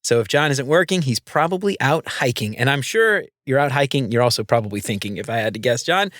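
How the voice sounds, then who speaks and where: A man's voice: mid-range voice, animated, fairly quick, fairly bright tone, no room sound. Brief: male podcast host, easygoing and slangy, dry close mic. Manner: upbeat, laid-back, slangy. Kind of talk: casual podcast chat.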